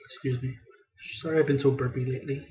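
A man's voice: mid-range voice, steady tone, fast, mellow, lo-fi sound. A young man giving casual, self-mocking let's play commentary. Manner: chatty, self-mocking, reads game dialogue in a hammy theatrical voice. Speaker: gameplay commentator.

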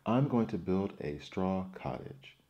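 A man voicing a squeaky, careless little male pig, as whispered role-play. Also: lively intonation, unhurried, dark tone, highs cut off. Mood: cheerful.

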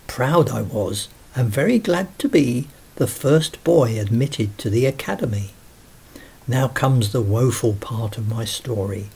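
A man's voice: mid-range voice, measured pace, gravelly, mellow, slightly rough, exaggerated voice. A man voicing a sad, scholarly young ghost in a storybook reading, telling his woes tearfully. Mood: mournful.

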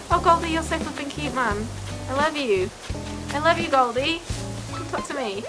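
A woman's voice: high voice, animated, moderate pace. Giggly woman gushing over a game. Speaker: gaming YouTuber. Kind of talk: casual gameplay commentary. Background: game music.

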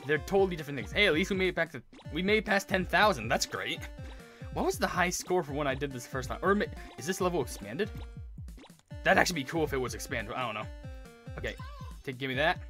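A man hosting a gaming channel, gushing with excitement and stumbling over his words as he plays, with game music behind him. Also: on the high side, quick pace. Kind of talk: excited let's play commentary. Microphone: earphones with mic.

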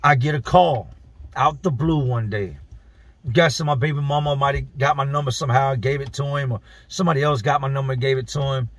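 A man's voice: mid-range voice, fairly even intonation, fairly quick, no echo. A man telling stories from prison in casual street slang, acting out the other people's lines as he goes. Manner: streetwise slang, acts out quoted dialogue. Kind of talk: casual storytelling.

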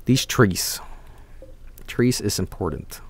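A young man streaming a video game, excitable and swearing, often yelling at the characters on screen. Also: lowish voice, slow, vocal fry, slight background noise. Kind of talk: gaming livestream commentary.

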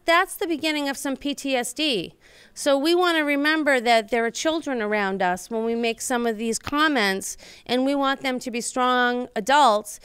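A woman's voice: high-pitched, a bit bright, no room sound. A woman host and local official giving an earnest talk show monologue, rambling with many ums and restarts.

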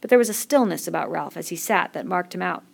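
A woman narrating a novel in a measured, expressive reading. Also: lowish voice, creaky. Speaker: reader. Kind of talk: audiobook narration.

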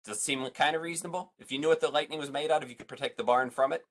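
A man's voice: on the high side, fairly even intonation, rapid-fire, a bit bright. A man, a museum science educator, leading an online family science lesson, playful and full of questions for his audience.

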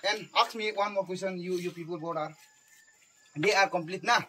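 A man playing a teacher, talking in halting broken English mixed with Hindi and repeating his words. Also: high voice, noisy background. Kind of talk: improvised comedy skit.

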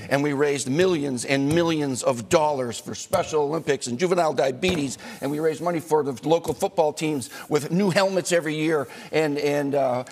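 Male storyteller, husky, slightly high voice, animated anecdotes on a panel. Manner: animated, does lively impressions of a friend. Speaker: guest.

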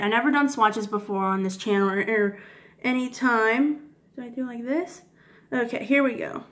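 A woman beauty vlogger swatching makeup for her viewers, gushing and giddy, often apologizing for her technique and dropping into soft whispers. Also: fairly high pitch. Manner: gushing, giddy, keeps addressing viewers as guys. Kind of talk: casual makeup swatch review.

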